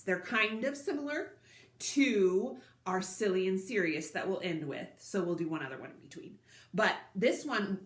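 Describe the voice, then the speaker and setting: A woman's voice: mid-range voice, fairly bright tone. A woman librarian leading a recorded story time for young children, speaking cheerfully and asking them questions as she reads a picture book aloud. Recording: roomy echoey recording.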